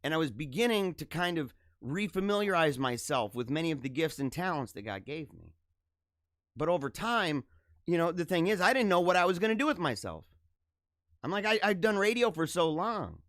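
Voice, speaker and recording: A man's voice: on the high side, expressive, a little fast, fairly bright tone, no room sound, clean studio sound. A middle-aged man hosting his own live show, talking casually in a joking, emotional way with many restarts. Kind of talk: casual live-stream monologue.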